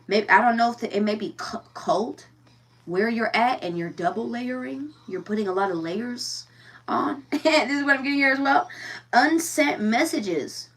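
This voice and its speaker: A woman's voice: a little high, normal speed, a bit bright, distant mic. A woman giving a casual tarot reading, blunt and profane, firing rhetorical questions and repeating herself. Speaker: tarot reader.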